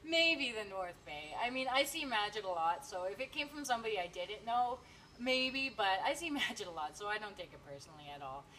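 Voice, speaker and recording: A woman's voice: mid-range voice, sing-song, a little fast, sharp tone, far from the mic, slight background noise, low-quality recording. A woman hosting a live cooking stream, chatting to viewers and reading their comments with many fillers and giggles. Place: home kitchen.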